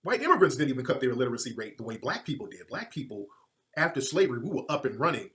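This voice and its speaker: A male commentator giving an impassioned monologue, with emphatic preacherly repetition, moving from loud outbursts to low muttering. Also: very animated, racing.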